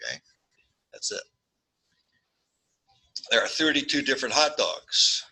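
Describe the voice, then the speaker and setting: Male statistics lecturer, sharp bright tone, playful classroom delivery. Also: medium pitch, a little slow, husky, rough recording. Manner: jokey, animated, acts out little scenes.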